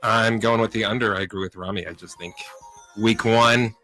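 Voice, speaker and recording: A man on a sports radio show giving quick, brief picks in casual chat. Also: lowish voice, fairly even intonation, pushed and bright, soft background music, rough recording.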